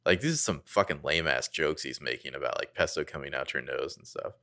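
A man with a very low voice co-hosting a podcast, trading wry, sardonic remarks in loose casual chat. He swears offhandedly and keeps things relaxed. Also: fairly quick. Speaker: podcast co-host.

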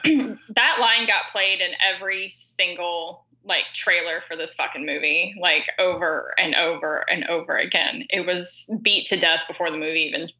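A woman with a strikingly bright, sharp tone talks in a loose, chatty way. She swears freely and leans on filler words, and her voice sits a little low for a woman. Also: steady tone, moderate pace, few pauses, dull audio. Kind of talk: casual chat.

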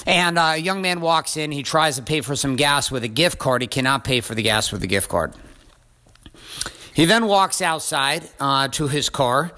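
A man hosting a podcast, telling a story in a lively, profane monologue. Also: a little high, moderate pace. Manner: profane, animated retelling with acted quotes. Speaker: podcast host.

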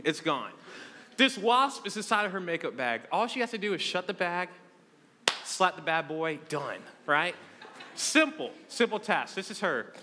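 Young male preacher, twenties, high bright voice, playful self-mocking storyteller, large reverberant hall. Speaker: youth preacher. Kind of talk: humorous sermon to a live congregation.

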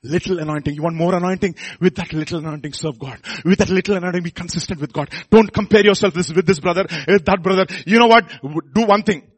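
A man preaching a sermon, swinging between quiet asides and loud exhortation and calling the congregation to repeat after him. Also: high-pitched, fast, few pauses, husky, no room sound. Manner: calls the congregation to repeat lines.

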